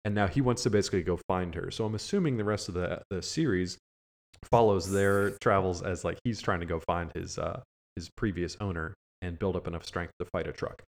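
A man's voice: deep voice, a little fast. A man co-hosting a casual podcast, blunt and crude, dismissive in his reviews. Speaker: podcast co-host. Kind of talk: casual chat reviewing a cartoon.

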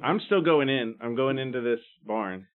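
A man's voice: medium pitch, lively intonation, moderate pace. Easygoing man player on a thin line. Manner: easygoing, playful. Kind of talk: casual tabletop play. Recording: phone-like online call audio.

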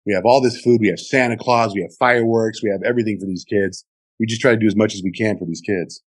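A man's voice: fast talker, breathy edge. A middle-aged man, a radio host, telling a long story in an interview and acting out the quotes with big jumps in his voice. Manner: lively, acts out quotes with big pitch jumps.

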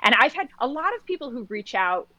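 A chatty woman speaking in a fairly high voice, recorded dry and close with no room sound. She works as a postpartum doula and chats in a podcast conversation, slipping into small acted-out quotes. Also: big pitch swings, fairly quick, sharp tone, no echo, lo-fi sound. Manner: chatty, acts out little quoted exchanges.

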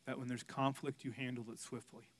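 A male pastor preaching a sermon, telling a candid personal story, swinging from loud outbursts to hushed, quiet passages. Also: medium pitch, little pitch movement, fairly quick.

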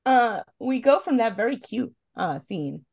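A woman's voice: on the high side, big pitch swings, measured pace, creaky, a little mellow. A woman hosting a podcast in casual, chatty talk, full of fillers and swearing freely. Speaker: podcast host. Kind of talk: casual podcast recap chat.

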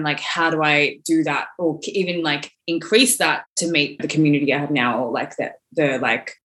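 With a deep voice and a fairly bright tone, this thirtysomething exhibition organiser rambles through a casual chat as a podcast guest, often saying "like" and starting her sentences over.

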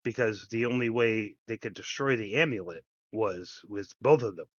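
A man's voice: lowish voice, moderate pace, slightly rough, no echo, dull audio. A man co-hosting a podcast in casual chat, recapping plainly and laughing easily. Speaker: podcast co-host.

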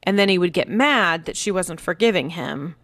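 An earnest woman in her thirties talks through parenting stories in a relaxed podcast chat, now and then acting out her kids' voices. Her voice sits a little low for a woman, and the recording is dry and close with no room sound. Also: moderate pace, no echo. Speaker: podcast co-host. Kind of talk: casual parenting discussion.

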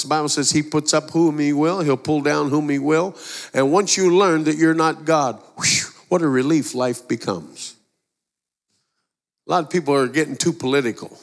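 A male preacher giving a sermon in a folksy, conversational way, telling stories and voicing the people in them. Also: a little high. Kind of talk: sermon with storytelling. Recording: long hall reverb.

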